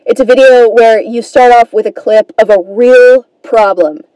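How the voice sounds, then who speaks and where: A woman's voice: on the high side, fairly even intonation, normal speed, mellow, smooth, no room sound, rough recording. A woman hosting a comedy podcast, telling a rambling, self-deprecating story in a casual monologue and swearing freely.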